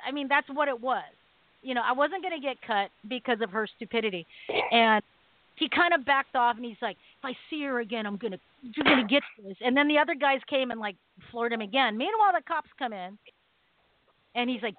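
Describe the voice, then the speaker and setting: A woman's voice: sits high, fairly quick, dry recording. Woman storytelling over a phone line. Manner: animated storytelling, acts out quoted voices. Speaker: radio show co-host. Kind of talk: casual storytelling on talk radio. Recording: dry phone-line audio.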